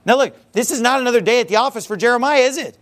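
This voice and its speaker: A man's voice: very high-pitched, lively intonation, very fast, fairly bright tone. A man preaching a sermon, emphatic and leaning on rhetorical questions.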